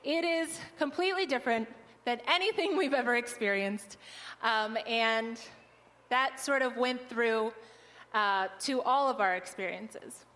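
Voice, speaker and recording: High-voiced cheerful woman teaching a crowd. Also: expressive, measured pace, a bit bright. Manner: cheerful, teacherly, laughs often. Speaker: missionary presenter. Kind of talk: leading an audience exercise. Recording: long hall reverb.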